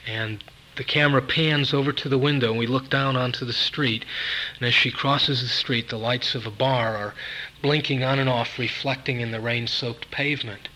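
A man's voice: medium pitch, pushed and bright, rough recording. A man preaching a sermon, earnest and rising to emphatic peaks on key phrases.

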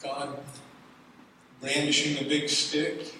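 A man preaching a sermon, reading scripture dramatically and building to loud exclamations. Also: a little high, completely flat delivery, takes it slowly, slight background noise. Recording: echoey hall from far off.

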